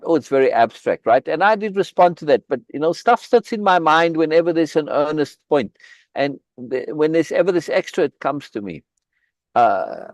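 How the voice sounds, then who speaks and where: A man's voice: on the high side, dry recording. A man leading a live online book reading group, commenting in an emphatic way, often repeating words and restarting his phrases. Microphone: video call.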